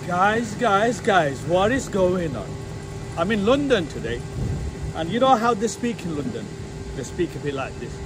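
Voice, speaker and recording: A man vlogging casually to camera, chatty and excitable, addressing his viewers as guys. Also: high-pitched, measured pace, noisy background.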